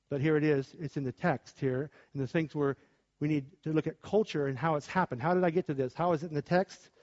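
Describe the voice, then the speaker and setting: Impassioned preacher, high and dull-sounding. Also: male voice. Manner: impassioned, swings from shouting to quiet talk. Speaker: pastor. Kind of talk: preaching sermon with discussion. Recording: dull lo-fi recording.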